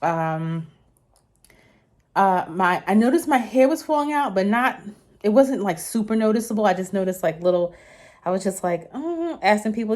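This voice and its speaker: Expressive and medium-pitched, with a darkish tone and moderate pace, a thirty-something woman vlogger shares a personal story. The telling is casual and rambling, full of fillers and self-corrections, and she sounds slightly short of breath.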